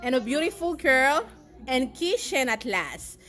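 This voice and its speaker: A woman's voice: high voice, big pitch swings, a little slow, a bit bright. A woman with a French accent hosting a church children's program, greeting the kids and leading them in song. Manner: cheerful, addresses children directly.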